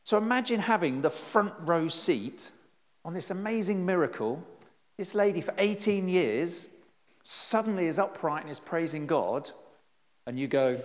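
A middle-aged man giving a conversational, lively sermon with self-deprecating humor, recorded in a church. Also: fairly high pitch, measured pace. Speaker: preacher. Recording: long reverb in a church hall.

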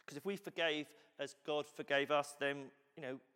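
A man's voice: fairly high pitch, steady tone, moderate pace, fairly bright tone, clean tone. A man pastor giving a conversational sermon to his congregation, often saying "you know" and "so cool". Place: church hall. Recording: long hall reverb.

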